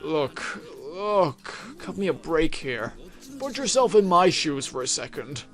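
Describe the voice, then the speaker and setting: A man voicing a brusque, irritable young male police detective, reading game dialogue aloud with loud exasperation. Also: a little high, big pitch swings, slow pace, soft background music, exaggerated voice. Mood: weary. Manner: loud, exasperated, shouting interrogation.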